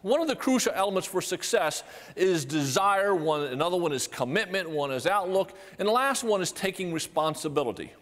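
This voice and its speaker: A man's voice: sits high, fairly quick. An older man giving a motivational sales talk to an audience, telling stories and firing rhetorical questions at the crowd. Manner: animated storytelling, acts out quoted voices. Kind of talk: keynote speech to an audience.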